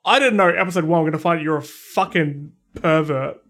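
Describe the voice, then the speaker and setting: A man's voice: on the high side, brisk, a bit bright. An Australian man hosting a casual podcast chat, asking jokey questions and teasing his guest. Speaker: podcast host.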